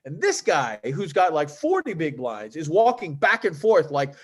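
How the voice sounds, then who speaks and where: A middle-aged man tells his stories with a lively, swooping voice that sits a little high. He slips into the voices of the people he talks about. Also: moderate pace, husky. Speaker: professional poker player guest. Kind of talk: animated podcast storytelling.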